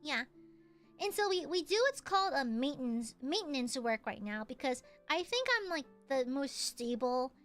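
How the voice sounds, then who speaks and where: Giggly young woman streaming, high bouncy voice, swears a lot, faint music playing behind. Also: lively intonation, moderate pace, fairly bright tone. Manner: giggly, laughs often; swears casually. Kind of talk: casual chat.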